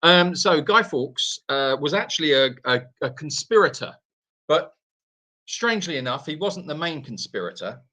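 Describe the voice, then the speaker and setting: Co-hosting a casual live Q&A from an animal sanctuary, a chatty man tells stories and often laughs at his own tales. His voice is a little high and sing-song, pushed and bright, at a moderate pace.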